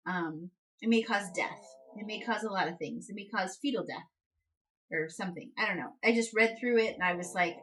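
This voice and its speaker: A woman's voice: a bit bright, poor audio. A young woman vlogger casually telling a personal story, full of "like" and "um" fillers. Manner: chatty, many "like" and "um" fillers, reenacts quotes with high outbursts. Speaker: vlogger, new mother.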